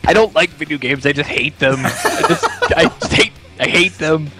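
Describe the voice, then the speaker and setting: A man's voice: fairly high pitch, lively intonation, normal speed, over music, pitched above the performer's own voice, natural voice. A man putting on a whiny game-hating gamer. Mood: mock whining. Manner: mock-whining, exaggerated complaining. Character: whiny man gamer who hates video games.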